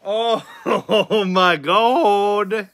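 A young man chats as host while he opens card packs, excitable and full of slang. His voice sits a little high and sounds bright and forceful. He talks at an unhurried pace in a dry, close sound. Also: dry recording. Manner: excitable and slangy, calls viewers dude and bro. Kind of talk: live pack-opening chat.

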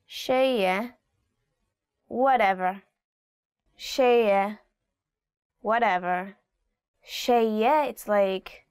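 A woman's voice: on the high side, normal speed, darkish tone, clean tone, no room sound, studio quality. A woman giving a casual language lesson, chatting, laughing often and acting out phrases with whispers and gasps. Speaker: language teacher.

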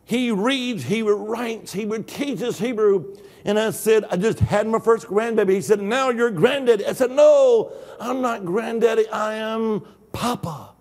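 An older man preaching with shouted hallelujahs, acting out dialogue from his story. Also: sits high, unhurried. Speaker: guest preacher. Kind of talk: Pentecostal-style sermon.

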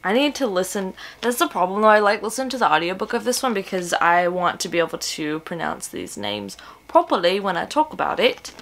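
A woman in her twenties chatting in a casual book vlog at home, gushing and excitable, breaking into gasps and breathy whispers. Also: medium pitch, fairly quick. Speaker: book vlogger.

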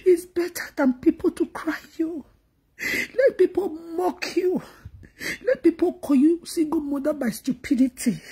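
A woman's voice: high voice, lively intonation, unhurried, warm tone. A woman with a Nigerian accent talking straight to her viewers, pleading and lamenting, repeating herself, often close to sobbing and dropping into whispers. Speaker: vlogger. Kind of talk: emotional monologue to viewers.

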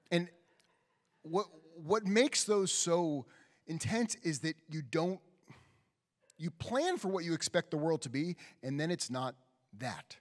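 A man's voice: on the high side, measured pace. A man, a rabbi, telling a story in a sermon and acting out the voices of the people in it. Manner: storytelling, animated, acts out quoted voices. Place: synagogue sanctuary. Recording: long hall reverb.

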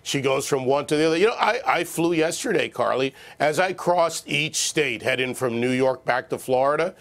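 A man's voice: medium pitch, animated, moderate pace, a bit bright. A man commenting on a television panel, sarcastic and mocking, cracking jokes.

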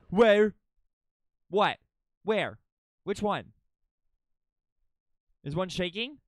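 A young man streaming a game live, narrating dramatically and swinging between loud panic and low, repetitive mutters. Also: clear, resonant tone, no room sound.

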